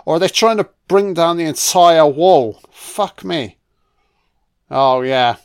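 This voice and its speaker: Male film commentator, laid-back and foul-mouthed, clean smooth voice. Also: a little high, slow. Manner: swears freely, reacts excitedly to the action.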